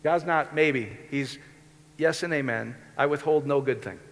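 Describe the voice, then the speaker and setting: A man preaching a sermon in a loose conversational way, often checking in with his listeners with quick questions. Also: a little high. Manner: conversational, keeps checking in with the audience. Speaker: pastor. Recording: long hall reverb.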